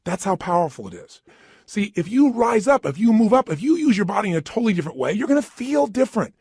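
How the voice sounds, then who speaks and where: A man's voice: sits high, sing-song, quick pace, a little mellow, breathy edge, dry recording, clean studio sound. A middle-aged man giving an emphatic motivational talk, standing at a microphone and firing rhetorical questions at the listener. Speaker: motivational speaker. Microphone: standing and speaking into a microphone.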